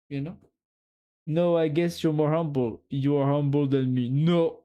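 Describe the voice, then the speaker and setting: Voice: mid-range voice, fairly even intonation, a little slow, mellow. A streamer with a French accent, chatting casually on a live stream and teasingly giving a viewer a pep talk.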